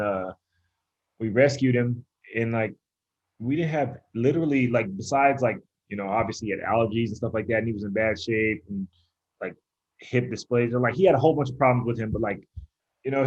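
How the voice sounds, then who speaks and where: A man's voice: medium pitch, dull audio. A young man, a pro athlete guest on a podcast, telling a long casual story and acting out voices in quotes, with lots of "like". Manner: rambling storyteller, heavy use of "like", acts out voices in quotes. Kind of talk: casual chat.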